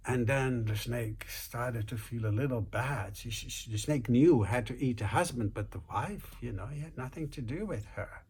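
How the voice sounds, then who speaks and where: A man telling a folk tale aloud, relaxed, with fillers and restarts, acting out the quotes. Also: medium pitch, moderate pace, few pauses, slightly rough. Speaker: storyteller.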